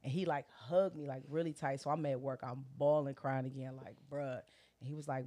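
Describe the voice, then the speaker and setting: A middle-aged woman casually telling a personal story, animated, full of slang and acted-out quotes. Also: rumbling low, a little fast. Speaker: guest sharing her story. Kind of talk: candid casual chat.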